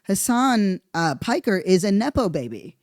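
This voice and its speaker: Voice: medium pitch, sing-song, normal speed, no echo. Rambling profane podcast host, dry mic. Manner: rambling, profane, thinks aloud with many "right?" tags. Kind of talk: casual monologue commentary.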